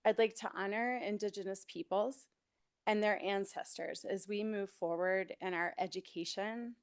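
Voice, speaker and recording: A woman's voice: medium pitch, steady tone, moderate pace, clear, resonant tone. Upbeat middle-aged woman presenting at a city meeting, friendly. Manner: upbeat, welcoming. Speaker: education and outreach manager presenting. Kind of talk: formal presentation at a public meeting. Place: city board meeting room.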